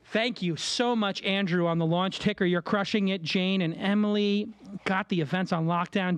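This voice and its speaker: A man's voice: sits high, no room sound. A man from Brooklyn hosting a podcast, talking in a rambling, candid way and often correcting himself mid-sentence. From Brooklyn, New York. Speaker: podcast host. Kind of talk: casual studio chat.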